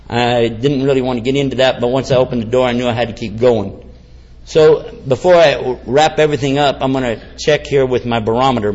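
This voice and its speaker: Animated preacher man, lo-fi sound. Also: medium pitch. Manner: animated, asks the audience questions, jokes. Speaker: Islamic preacher. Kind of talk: lecture to a live audience. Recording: dull lo-fi sound.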